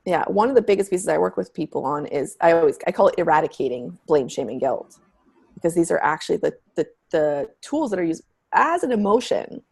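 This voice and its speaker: Low husky gravelly woman, candid. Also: very animated, a little fast, a little mellow. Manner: candid, storytelling, emphatic with frank language. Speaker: guest. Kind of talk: conversational interview.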